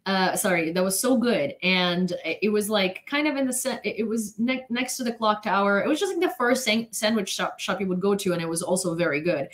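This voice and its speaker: A woman's voice: mid-range voice, brisk, hardly any pauses. A young woman streamer telling a long casual story to her chat, rambling with many "like"s and restarts and laughing often.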